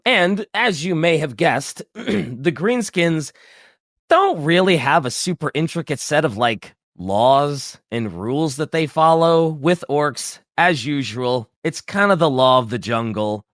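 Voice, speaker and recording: A man's voice: fairly high pitch, slow, dry recording, clean studio sound. A man hosting a casual chat who talks in a rambling way, full of fillers. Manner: animated, rambling, with many fillers. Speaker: podcast host.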